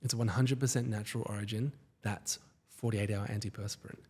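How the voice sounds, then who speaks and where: A man, a company founder, telling stories as a guest in a casual podcast interview, with enthusiasm and quick asides. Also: fairly low pitch, fairly even intonation, a little mellow, husky.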